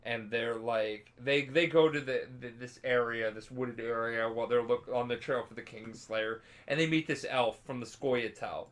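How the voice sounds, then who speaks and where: Tipsy male podcast co-host, bright tone, rambling storyteller who swears freely. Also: medium pitch, steady tone, normal speed, few pauses. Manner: rambling, swears a lot, acts out characters in loud voices. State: drunk. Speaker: podcast co-host explaining a video game. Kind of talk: casual drunk storytelling.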